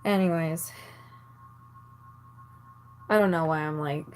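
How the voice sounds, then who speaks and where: A woman's voice: low-pitched, takes it slowly, darkish tone, faint music behind. A woman vlogger ranting casually to the camera while doing her makeup, angry and exasperated, swearing often and filling her talk with "like". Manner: exasperated, swears a lot, filler-heavy. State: angry and annoyed.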